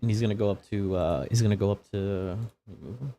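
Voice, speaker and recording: A man's voice: fairly low pitch, fast talker, dark tone. A man narrating as game master of a tabletop game, casual and profane with a rambling delivery.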